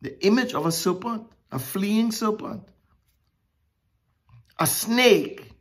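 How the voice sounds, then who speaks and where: Slow, emphatic woman preaching. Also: mid-range voice, expressive. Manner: emphatic, drawn-out preaching with dramatic pauses. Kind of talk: sermon.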